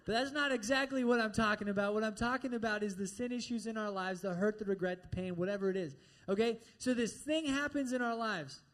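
A man's voice: high voice, brisk, fairly bright tone. A man preaching a sermon in a church, talking directly and conversationally to the congregation and often checking in with "all right?".

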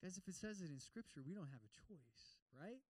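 A man's voice: high-pitched, sing-song, a little fast, a little mellow, dry recording, low-quality recording. A young man preaching a conversational sermon, acting out quoted voices of God and listeners. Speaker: campus ministry preacher.

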